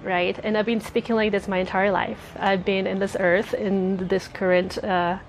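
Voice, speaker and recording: A mid-pitched woman in her thirties, a native Spanish speaker with a slight lisp. She talks in an earnest, rambling, casual way, often breaking into laughter. Cars pass faintly in the background. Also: flat delivery, moderate pace, a little hiss or hum. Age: 30s. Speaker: spiritual vlogger. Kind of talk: casual personal talk. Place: outdoors near a road. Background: passing cars.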